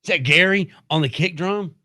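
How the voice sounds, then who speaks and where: An easygoing man co-hosts a morning radio show, chatting and laughing along. His voice sits slightly high, and the studio sound is dry and close. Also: moderate pace, sharp tone, dry recording. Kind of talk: casual morning radio banter. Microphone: studio microphone.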